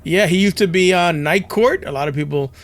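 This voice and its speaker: A man's voice: sits high, fairly quick. A man co-hosting a podcast in casual chat, animatedly retelling movie scenes and doing the characters' voices. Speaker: podcast co-host.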